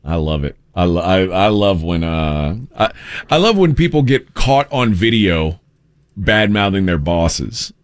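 Low-voiced man rambling on radio. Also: sing-song, measured pace, dry recording. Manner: rambling, restarts and loose storytelling. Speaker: radio show co-host. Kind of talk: casual radio banter.

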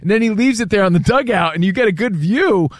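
Animated man telling stories. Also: sits high, fast, no echo. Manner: animated storyteller, acts out voices. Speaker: co-host. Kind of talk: casual chat.

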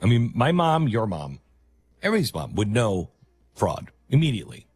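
Man, talk radio host, low husky voice, lively sarcastic delivery, dry studio sound. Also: moderate pace. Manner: animated, sarcastic, mocking.

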